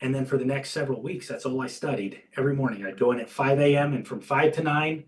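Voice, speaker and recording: A man telling his career story as an interview guest, candid and animated, acting out bits of dialogue. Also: mid-range voice, fast, recorded from a distance, rough recording. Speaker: guest, insurance agency owner and coach.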